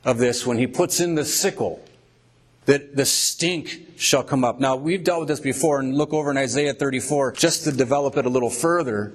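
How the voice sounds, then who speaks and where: A man preaching a sermon, reading scripture aloud and retelling it emphatically with drawn-out words. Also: mid-range voice.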